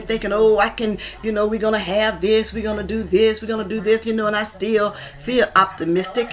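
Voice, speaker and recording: A woman in her fifties from Georgia with a Southern accent, speaking her mind in an emphatic, impassioned vlog monologue from a room at home. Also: mid-range voice. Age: 50s. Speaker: vlogger. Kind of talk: venting monologue.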